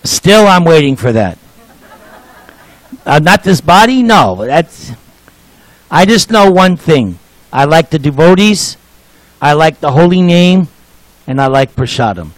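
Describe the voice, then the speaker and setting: Man in his 60s, playful sermon storyteller, slow delivery, dry close sound. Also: a little high, very animated, no room sound, rough recording. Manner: jovial, joking storyteller. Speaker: speaker at a temple program. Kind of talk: sermon with anecdotes.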